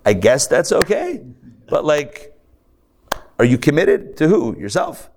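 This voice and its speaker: A man who is a rabbi, giving a lively live sermon to a congregation, joking and acting out mock quotes in between his points. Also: a little high, takes it slowly, vocal fry, noisy background. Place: synagogue hall.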